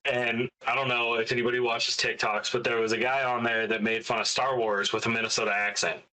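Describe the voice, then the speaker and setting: A man's voice: mid-range voice, little pitch movement, a little fast, sharp tone, rough recording. A man from Utah, a podcast co-host, telling profane, joking stories in casual chat.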